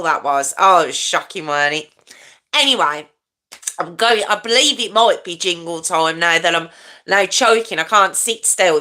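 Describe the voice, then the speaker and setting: A woman's voice: medium pitch, sharp tone. A woman in her forties hosting a casual live stream, chatty and rambling, teasing herself and answering viewer comments.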